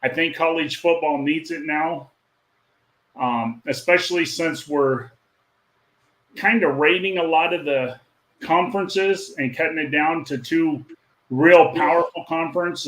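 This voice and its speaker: A man musing hesitantly as a panelist on a livestream, with frequent pauses and ums. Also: fairly high pitch, fairly bright tone. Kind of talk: casual podcast chat.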